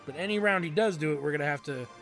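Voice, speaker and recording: A man's voice: a little high, very fast, over music. A man hosting a let's play, giving casual gameplay commentary with crude jokes and many ums.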